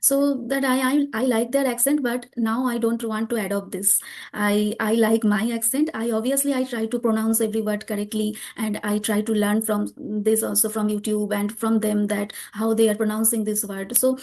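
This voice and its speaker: A woman's voice: a little high, little pitch movement, moderate pace, darkish tone. A woman with an Indian accent whose first language is Bengali, speaking hesitantly with many fillers and restarts in an English practice interview. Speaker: guest learner.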